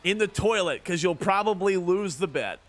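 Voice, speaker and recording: Guy streaming a baseball game, pretty high voice, jokey and hyped, teasing his chat. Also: moderate pace. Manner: joking, excitable, ribbing his chat. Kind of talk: casual livestream gaming commentary.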